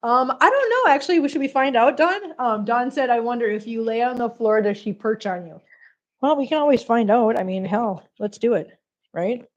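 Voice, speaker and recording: A woman's voice: a little high, animated, normal speed. Chatty woman with a dull lo-fi sound. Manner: chatty, laughs often, coos baby talk to a cat. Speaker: cat channel host. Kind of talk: casual livestream chat. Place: home, on the floor.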